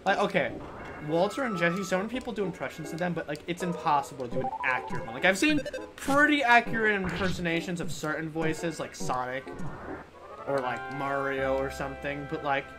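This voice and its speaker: Animated woman streamer over game music. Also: sits low, fairly quick. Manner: animated, swears a lot, yells at enemies. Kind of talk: casual live-stream commentary.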